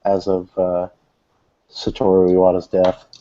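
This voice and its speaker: A man's voice: deep voice, completely flat delivery, unhurried, dark tone. A man hosting a casual podcast, reading out gaming news in a rambling, joking way with lots of fillers. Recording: dull lo-fi podcast audio.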